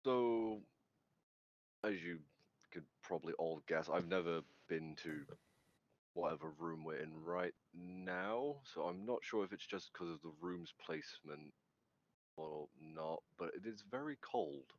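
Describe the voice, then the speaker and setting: A man's voice: low voice, measured pace. A man playing a tabletop game, reasoning aloud and questioning the game master over dull, lo-fi call audio. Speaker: player. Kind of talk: tabletop role-play chat.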